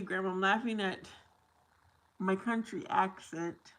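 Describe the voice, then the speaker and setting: A woman's voice: mid-range voice, slow pace, a bit bright, rough recording. A woman hosting a casual livestream from her kitchen while washing dishes, reading viewer comments aloud and laughing often. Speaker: livestream host.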